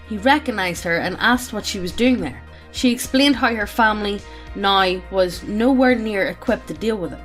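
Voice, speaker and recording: A woman's voice: mid-range voice, a bit bright. A woman reading out a character backstory among friends, often breaking into laughter. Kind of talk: reading a backstory aloud with banter.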